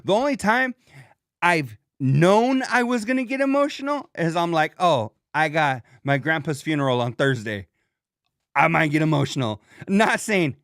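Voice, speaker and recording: A man's voice: high-pitched, expressive, moderate pace, a bit bright, no room sound, clean studio sound. A man hosting a casual podcast chat in slangy talk, often acting out the lines he quotes. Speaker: podcast host.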